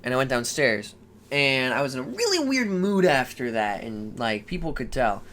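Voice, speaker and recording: Young male co-host, casual storyteller, animated, faint noise floor. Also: mid-range voice, normal speed. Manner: animated, swearing, acts out quoted voices. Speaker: podcast co-host.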